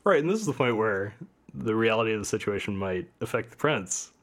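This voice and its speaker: A man's voice: fairly low pitch, expressive, brisk, a bit bright. A man in a casual film discussion who adds brief remarks and agrees with his co-host.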